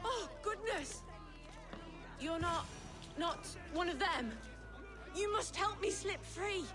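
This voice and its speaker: An actress voicing a gentle woman herbalist in a video game, soft-spoken and earnest. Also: extremely high pitch, expressive, slow, over music, heavily acted, low-quality recording. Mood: frightened.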